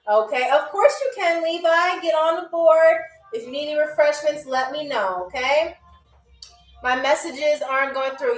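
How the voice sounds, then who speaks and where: A young woman hosting a live-stream trivia game, chatty and playful, teasing viewers by name and repeating phrases slowly. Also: high voice, echoey room, low-quality recording. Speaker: game show host.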